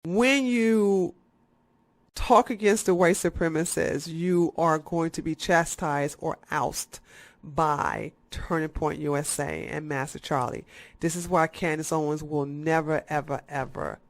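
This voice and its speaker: A YouTube commentator giving satirical, ranting commentary, profane and sarcastic, firing off fast bursts of talk. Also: medium pitch, fairly even intonation, dry recording.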